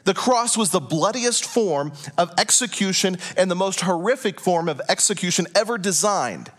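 A man with a high voice delivers a sermon to a congregation in a church hall. He speaks earnestly and deliberately, pausing for effect and acting out imagined prayers in a softer, lower voice. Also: lively intonation. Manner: earnest preaching with dramatic pauses, voicing imagined prayers. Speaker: pastor.

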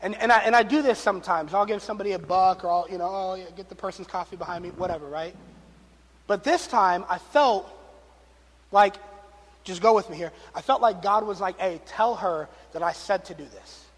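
A man's voice: high-pitched, fairly quick. A man preaching a sermon, telling a story and acting out the people in it, with jokes along the way. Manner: animated, acts out quotes, jokes and laughs. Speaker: pastor. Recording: long reverb of a large hall.

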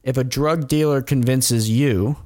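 A man's voice: mid-range voice, a little slow, darkish tone, no room sound, clean studio sound. A man telling a true story in casual chat as host, rambling with chuckles and blunt asides.

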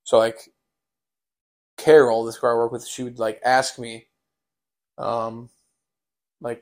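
A man's voice: mid-range voice, level tone, takes it slowly, pauses often, a little mellow. A young man telling a casual storytime on a podcast, rambling with lots of fillers.

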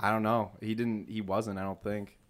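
A man's voice: on the low side, little pitch movement, moderate pace. A man rambling through stories in a casual group chat, laughing often and swearing.

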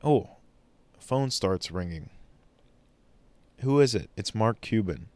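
A man with a low, smooth voice rambles through a comic monologue, ranting and throwing questions at the listener. It is recorded dry and close, with no room echo. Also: lively intonation, slow, a little mellow. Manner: ranting, asks the audience questions, exaggerated.

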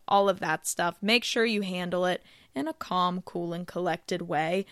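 A woman's voice: on the low side, measured pace, few pauses, a bit bright, dry recording, clean studio sound. A young woman hosting a podcast, giving business advice in a chatty, casual way with frequent filler phrases. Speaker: podcast host.

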